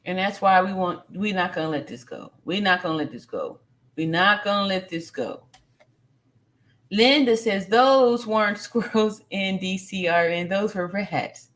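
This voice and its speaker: A woman's voice: medium pitch, measured pace, a bit bright. A woman hosting a casual live stream, reading viewer comments aloud and repeating phrases for emphasis, with plenty of fillers.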